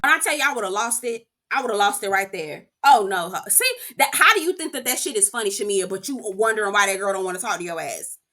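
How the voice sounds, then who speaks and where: Sassy, bright-voiced woman recapping reality TV. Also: medium pitch, fast, hardly any pauses, faint music behind. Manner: sassy, profane, animated reactions to the show. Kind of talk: casual commentary.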